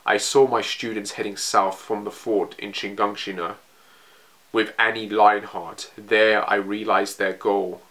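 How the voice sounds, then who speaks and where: A man reading the lines of a stern older male military instructor in a slow, subdued voice, a little lower than his own. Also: level tone, a bit bright. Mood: solemn.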